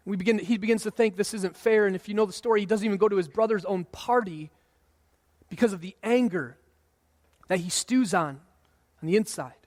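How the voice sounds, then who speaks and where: High-voiced male pastor preaching. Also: fairly quick, darkish tone. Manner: conversational preaching, acts out quoted voices. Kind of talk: sermon. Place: church sanctuary. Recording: long hall reverb.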